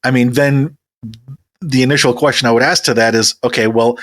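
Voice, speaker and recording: A man hosting an interview podcast, asking measured, probing questions. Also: medium pitch, fairly even intonation, a bit bright, faint music behind.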